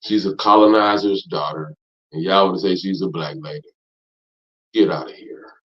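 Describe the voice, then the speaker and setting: Street preacher guy going off, repeats every line, swears a lot, muffled lo-fi sound. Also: normal speed. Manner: emphatic, repetitive, profane, swings from loud to low. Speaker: street preacher teaching a class. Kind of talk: fiery preaching lecture. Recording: dull lo-fi recording.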